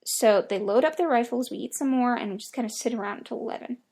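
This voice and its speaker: A young woman reads a horror story aloud, her voice sitting a little high. She tells it casually, like a first-person account, swearing freely as she goes. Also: fast, darkish tone. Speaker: narrator. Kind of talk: creepypasta reading.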